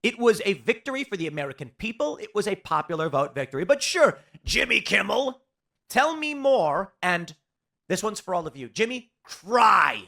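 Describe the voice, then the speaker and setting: Animated, sarcastic male commentator. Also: sits high, fairly quick, gravelly. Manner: sarcastic, mocking. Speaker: political commentator. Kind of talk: reaction commentary.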